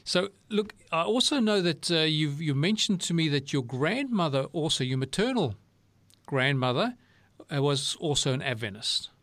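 A man's voice: fairly high pitch, animated, moderate pace, a bit bright, no room sound. A man interviewing a guest in an engaged, encouraging way, often restarting his questions. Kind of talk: conversational interview.

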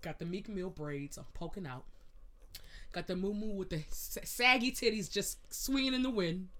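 A woman hosting a casual chat show, telling a story with lots of swearing and acting out quotes in a high voice. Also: moderate pace, fairly bright tone. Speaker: podcast host.

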